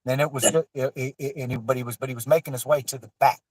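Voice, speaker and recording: A man's voice: mid-range voice, steady tone, fast, a little mellow, slightly rough, no echo, poor audio. A man tells a long personal story in a casual, rambling way. He swears freely and circles back through fillers and restarts. The recording is close and dry, with no room sound. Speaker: guest telling a personal story.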